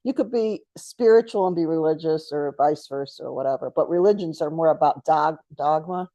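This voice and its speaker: A middle-aged woman talks casually, spinning anecdotes and jokes as a talk show co-host. Her voice sits low and sounds mellow and relaxed. The recording is dry, with no room around it. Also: fairly quick, dry recording. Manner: storytelling, chatty, laughs often. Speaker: podcast co-host. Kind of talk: casual spiritual chat.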